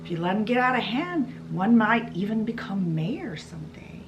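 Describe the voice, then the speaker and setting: A woman's voice: mid-range voice, very animated, normal speed, lo-fi sound, noisy background, close to an everyday voice. A woman voicing a teasing young male barrister. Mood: playful.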